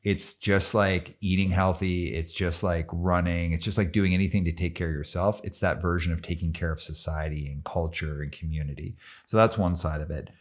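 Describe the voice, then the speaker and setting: A man with a very low voice hosts a conversational podcast interview. He speaks in animated bursts and sometimes mimics imagined voices to make a point. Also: normal speed, hardly any pauses. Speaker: podcast host.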